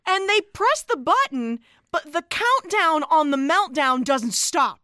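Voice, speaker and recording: A woman co-hosting a casual film recap podcast, excitable and giggly, retelling scenes dramatically. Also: high voice, measured pace, dry recording, studio quality. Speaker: podcast co-host.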